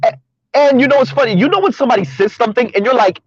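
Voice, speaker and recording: A man's voice: very high voice, animated, very fast, slightly rough, dry recording. A man giving opinionated commentary in an emphatic, sarcastic way, repeating his points, talking from his car. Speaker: commentary vlogger. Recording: dull lo-fi recording.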